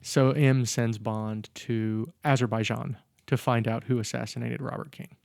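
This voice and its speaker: A man's voice: medium pitch, fairly even intonation, a little slow, vocal fry, darkish tone, no room sound, studio quality. A man co-hosting a casual podcast about films, rambling and correcting himself as he jokes through the plot. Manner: rambling, self-correcting, joking. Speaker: podcast co-host. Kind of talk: casual film discussion.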